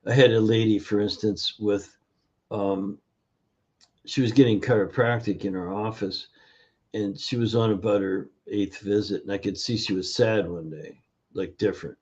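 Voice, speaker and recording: Low husky guy telling long stories in an interview, lots of ums, dull muffled audio. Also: steady tone, a little mellow. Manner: storytelling, acts out quoted voices, halting with fillers. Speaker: functional nutrition educator, guest. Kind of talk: casual interview over video. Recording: dull lo-fi sound.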